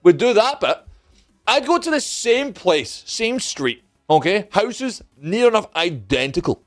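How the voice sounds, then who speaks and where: A young man telling a story in casual, animated chat, swearing freely and acting out what other people said. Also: high voice, a little slow. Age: young adult. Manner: animated, profane, acts out other people's lines. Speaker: streamer.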